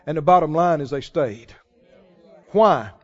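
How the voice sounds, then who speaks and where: A man preaching a sermon as a pastor, animated, laughing often and calling out to the congregation. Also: on the high side, measured pace, highs cut off.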